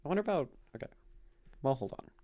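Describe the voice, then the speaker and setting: A man's voice: a little high, big pitch swings, fast talker, mellow. A man streamer talking through a poem's rhyme and meter, thinking aloud and reading lines back to himself. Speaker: streamer analyzing poetry. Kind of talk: casual poetry analysis on a live stream. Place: streaming room.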